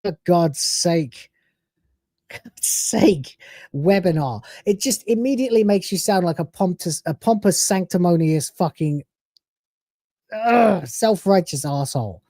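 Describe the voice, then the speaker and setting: A man's voice: sits high, animated, measured pace, warm tone, dry recording. A man hosting a live stream, reacting to a video with profane, ranting commentary and frequent laughter.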